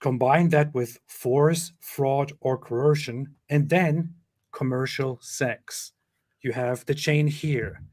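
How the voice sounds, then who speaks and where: A man's voice: medium pitch, slow, a little mellow. A man with a German accent explaining a legal definition point by point in a casual online discussion. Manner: explanatory, walking through a chart. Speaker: co-host.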